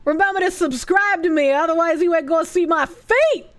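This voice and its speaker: A woman's voice: extremely high pitch, fairly quick, no room sound, pitched above the performer's own voice. Woman doing a brash Boston guy. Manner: loud, swaggering slang.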